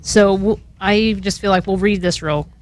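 A woman guest on a radio show, slowly and earnestly reading a long prayer aloud, her voice at times catching with emotion. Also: mid-range voice. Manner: slow, earnest recitation.

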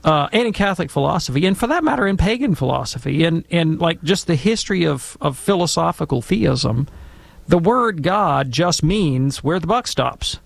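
A man answering listener questions on a call-in radio show, talking in long discursive asides with animated storytelling. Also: a little high, normal speed, vocal fry, no echo. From Alabama, US. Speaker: Catholic apologist guest expert. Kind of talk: conversational radio Q&A.

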